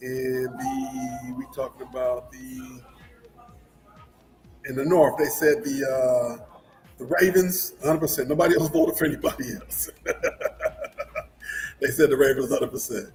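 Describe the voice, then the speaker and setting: A man co-hosting a sports talk show, with rambling, halting speech full of repeated words and restarts. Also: mid-range voice, steady tone, a little mellow, soft background music, rough recording. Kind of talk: casual sports chat.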